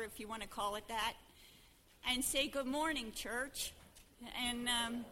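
A woman's voice: fairly high pitch, pushed and bright, a little hiss or hum. An older woman with a Pennsylvania Dutch accent gives a personal testimony to her church congregation, telling a homely story. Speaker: church member addressing the congregation. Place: church service.

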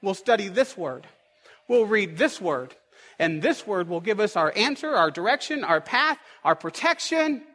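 A man with a strikingly high voice preaches to his congregation, his pitch swinging up and down as he builds his points. His emphatic, repeated phrases roll out into the long echo of a large church hall. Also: sing-song, normal speed, pushed and bright. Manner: emphatic, repetitive preaching cadence. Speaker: pastor. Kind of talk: sermon. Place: church sanctuary.

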